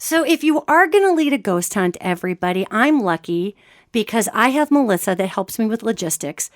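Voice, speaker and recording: A woman hosting a podcast, giving lively, chatty advice in a casual instructive way. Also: on the high side, brisk, no room sound, studio quality. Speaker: podcast host.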